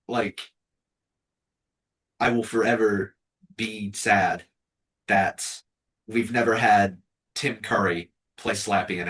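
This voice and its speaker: A male host talks in a casual, measured way. He takes his time over each thought, and his lowish voice carries a calm, steady feel. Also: rough recording. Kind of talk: casual chat.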